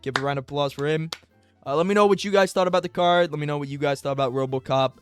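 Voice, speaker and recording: A young man rambles through a candid fight recap, his voice a touch high and smooth. It sounds close and dry, with faint music playing underneath. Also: quick pace, no room sound. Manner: rambling and candid, with frequent filler words. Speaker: MMA commentary YouTuber. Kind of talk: casual solo fight recap.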